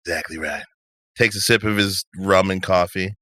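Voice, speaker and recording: A man's voice: low-pitched, little pitch movement, moderate pace, sharp tone, clean tone, no echo, clean studio sound. A man narrating a tabletop role-playing game as game master, in a casual, conversational way.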